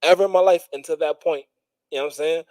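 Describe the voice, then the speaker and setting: A man in casual podcast chat tells a story in a relaxed, wry way, his voice sitting a little high for a man. The sound is dry and close to the mic, with no room around it. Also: fast, no room sound, poor audio. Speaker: podcast co-host. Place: small studio room.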